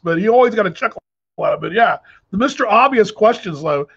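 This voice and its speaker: A man's voice: high voice, expressive, fast talker, a bit bright, slightly rough, lo-fi sound. A man hosting a casual video call chat, telling rambling stories full of restarts. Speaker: host.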